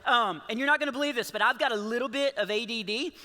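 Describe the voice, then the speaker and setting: A man's voice: extremely high pitch, fast, background noise. A man in his forties doing rambling, self-deprecating stand-up comedy in a church, often laughing at his own jokes. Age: 40s. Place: large church hall with a live audience. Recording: long hall reverb.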